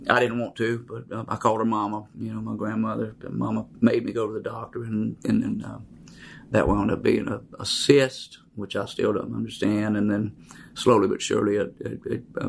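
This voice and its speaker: A man, telling his life story in a halting, reflective way with many fillers. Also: fairly low pitch, creaky, a little hiss or hum. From Mississippi, USA.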